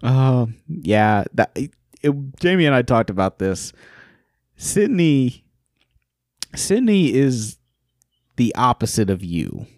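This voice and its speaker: Easygoing male co-host, slow delivery, lively pitch, laughs a lot. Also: dry recording, clean studio sound. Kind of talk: casual chat.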